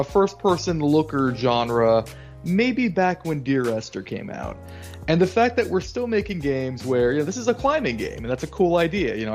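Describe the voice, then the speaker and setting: A man's voice: on the high side, darkish tone. A man hosting a gaming podcast in casual chat, with wry, joking remarks. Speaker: podcast host.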